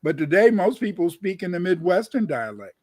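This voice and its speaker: A man with a notably high voice explains things in a lecturing way and keeps repeating words as he restarts. The sound is dry and close, with no room echo. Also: very animated, brisk, a little mellow. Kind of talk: casual livestream discussion.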